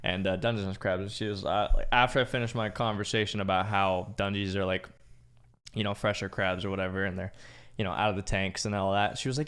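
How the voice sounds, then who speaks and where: A young man tells a long story on a podcast in a loose, profane, rambling way, filling it with "like"s. His voice is smooth and clear and sits a little low. His talk is casual and unpolished. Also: fairly even intonation, quick pace, fairly bright tone. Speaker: podcast co-host.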